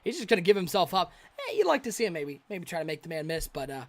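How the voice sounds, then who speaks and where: A high-voiced man talks fast while commentating a video game football stream live. His calls on big plays are excitable, and he uses the downtime between plays to chat with viewers.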